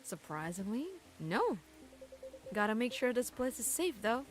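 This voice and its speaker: A woman voicing an easygoing, joking male police officer with a slow, gruff drawl in a game. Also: fairly high pitch, sing-song. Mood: wry.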